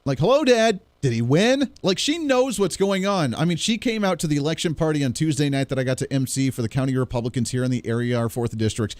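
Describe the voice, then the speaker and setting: A man hosting his own show, telling stories in a casual, animated way and acting out the voices of others. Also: mid-range voice, quick pace, hardly any pauses, dry recording. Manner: animated storyteller, acts out quoted voices. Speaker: podcast host. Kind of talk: casual monologue.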